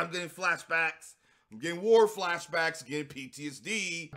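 A man's voice: a little high, moderate pace, pushed and bright, slight background noise. A man giving a casual, profane, sarcastic review of a TV show from his home recording setup.

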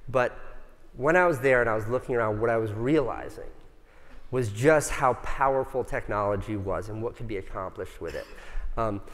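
A man's voice: mid-range voice, a bit bright. Casual man, conference speaker, profane and joking, big hall with long reverb. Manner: casual, profane, self-mocking, chatty with the audience. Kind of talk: casual storytelling talk. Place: large conference hall stage.

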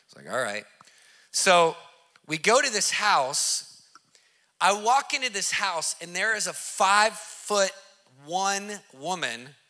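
A man tells a dramatic story on a podcast, excitable and emphatic. His voice is very bright and ringing, and it sits high for a man. He leans hard into key words. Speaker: podcast host. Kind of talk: animated storytelling.

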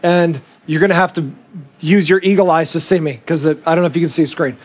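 A pastor preaching a sermon to his congregation, reading scripture and pausing to prompt his listeners directly. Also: on the high side, steady tone. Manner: preaching with emphatic pauses and direct audience prompts. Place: outdoors under tents with a congregation.

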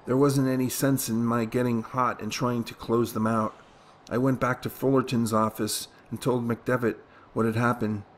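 A man reading a first-person story aloud as an audiobook, in a steady, measured way. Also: medium pitch, a little hiss or hum. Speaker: audiobook reader.

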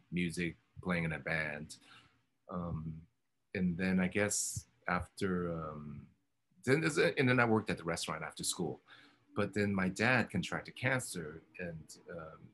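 Low husky man, reflective. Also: measured pace, pushed and bright. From Oakland, California. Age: 50s. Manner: thoughtful, rambling, many ums and self-corrections. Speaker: oral history interviewee. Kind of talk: reflective oral history interview.

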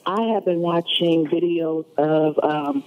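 A woman calling in to a radio show, telling a candid story in a quick, chatty way. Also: low-pitched, fairly even intonation, phone-quality sound, background noise. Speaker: caller. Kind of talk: phone-in storytelling.

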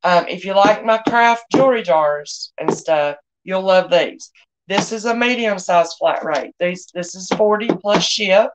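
A woman's voice: medium pitch, a little slow, background noise. A middle-aged woman, hosting a live online sale in a chatty, folksy way and greeting viewers by name. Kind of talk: casual live-stream selling chat.

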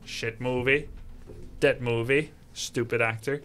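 A man's voice: medium pitch, moderate pace, a bit bright. Sarcastic male streamer reading chat. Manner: sarcastic, mocking, theatrical. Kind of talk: livestream reading chat messages.

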